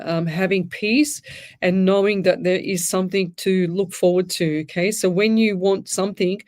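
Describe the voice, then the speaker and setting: A woman's voice: medium pitch, steady tone, normal speed, a little mellow. A woman hosting a live psychic radio show, chatty and emphatic, rambling with restarts, recorded on a studio microphone. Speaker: psychic medium radio host. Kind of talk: live radio call-in readings.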